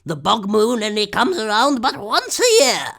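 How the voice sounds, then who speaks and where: Man doing a croaky old witch, shrill and swooping, slow gravelly drawl, bossy, audiobook. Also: very animated, exaggerated voice. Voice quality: sharp, scratchy, croaky drawl. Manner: commanding, gloating. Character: old hunched scheming female witch, bossy. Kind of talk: audiobook character voice.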